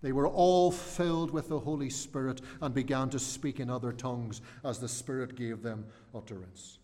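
A man's voice: mid-range voice, fairly even intonation, moderate pace, mellow. A middle-aged man with an Ulster accent preaching an expository sermon, earnest and sometimes repeating words as he searches for a phrase. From Northern Ireland. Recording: long hall reverb.

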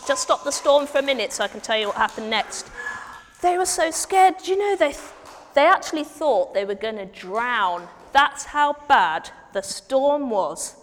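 An animated woman leads a children's Bible story in a church hall and coaxes the children to act it out. Her high voice swoops widely, and she takes her time. A long reverb follows her words, over a faint background hiss. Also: a little slow. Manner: animated, coaxing, directing children to act along.

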